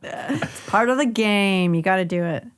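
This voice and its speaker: A woman's voice: medium pitch, normal speed, clean tone. Woman podcast co-host, friendly, asks questions, laughs easily. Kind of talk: casual podcast chat.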